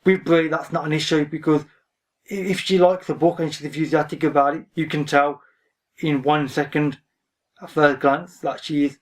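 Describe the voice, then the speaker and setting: A man's voice: fairly high pitch, flat delivery, moderate pace. A man vlogging about books in a casual, rambling way, reserved in manner. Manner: reserved, rambling, often says "frankly". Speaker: book vlogger. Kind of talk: casual talk to camera. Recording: voice a bit distant from the mic.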